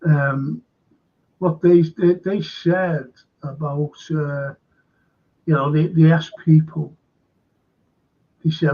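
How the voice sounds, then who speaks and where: A raspy, gravelly man with a Scouse accent chats his way through local history, rambling from one anecdote to the next. His voice sits a little high, and the recording sounds dull and lo-fi. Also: steady tone, takes it slowly, pauses often. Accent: Liverpool (Scouse). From Liverpool, England. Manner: rambling anecdotal storyteller with frequent fillers. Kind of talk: casual storytelling chat.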